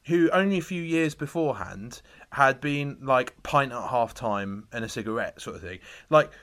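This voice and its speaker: A man's voice: mid-range voice, normal speed. A man, co-hosting a casual football podcast, telling stories with lots of laughter. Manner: animated, storytelling, laughs often. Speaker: podcast co-host.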